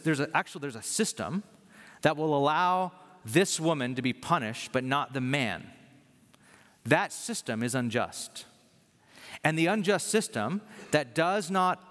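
A man's voice: medium pitch, fairly bright tone. A man preaching a sermon in an earnest way, building to emphatic points. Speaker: pastor. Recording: long reverb of a large hall.

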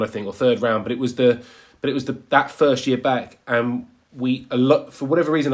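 A man in casual conversation, searching for his words with many false starts. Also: medium pitch. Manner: halting, searches for words, then bursts into excitement. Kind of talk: casual chat.

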